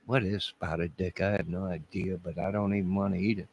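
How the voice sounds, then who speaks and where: A man's voice: low voice, level tone, brisk, creaky, darkish tone, slightly rough, rough recording. A man hosting a YouTube live stream, answering viewer comments in a rambling, crude and mocking way. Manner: combative, crude, mocking and sarcastic.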